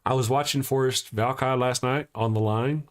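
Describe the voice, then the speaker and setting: Man, livestream host, casual chat, rambling, mid-pitched voice, swings from loud rants to soft thanks. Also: steady tone, normal speed. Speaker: host of a live morning show.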